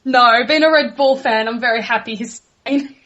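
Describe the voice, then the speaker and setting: A woman's voice: a little high, normal speed, fairly bright tone, lo-fi sound. A young woman from Australia with an Australian accent, answering interview questions casually and in a friendly way, laughing easily. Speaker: guest.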